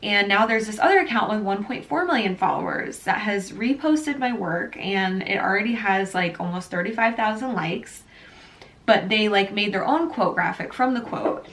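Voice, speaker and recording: A woman's voice: medium pitch, expressive, moderate pace, a bit bright. A young woman, a small business owner and artist, talking casually to camera in an earnest, upset way with lots of "like" fillers. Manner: chatty, heavy use of "like" fillers; earnest and upset, close to tears. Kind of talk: casual vlog talk to camera.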